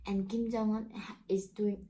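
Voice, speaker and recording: A woman's voice: medium pitch, little pitch movement, a little slow, mellow, a little hiss or hum, rough recording. A woman from North Korea speaking English with a Korean accent and non-native phrasing, giving earnest, impassioned commentary straight to her viewers. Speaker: YouTuber and activist. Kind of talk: direct-to-camera commentary.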